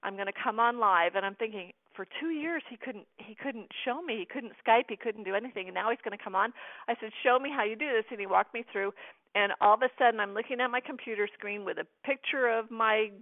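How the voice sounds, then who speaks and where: A woman's voice: a little high, fast talker, no echo. A middle-aged American woman telling a personal story as an interview guest, earnestly acting out the dialogue she quotes. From United States. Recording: tinny phone line.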